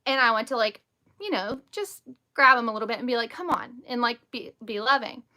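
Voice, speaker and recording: A woman with a bright, higher-pitched voice hosts a casual live stream. She talks bluntly and defiantly, leaning on "like" and stressing her words hard. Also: fairly even intonation, a little fast. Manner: heavy use of "like" and "over the top". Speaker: host and stepmother.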